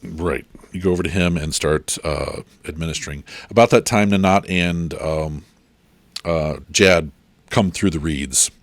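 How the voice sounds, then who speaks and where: Deep-voiced man running a game. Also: no echo. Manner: casual, halting, lots of fillers and laughs. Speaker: game master.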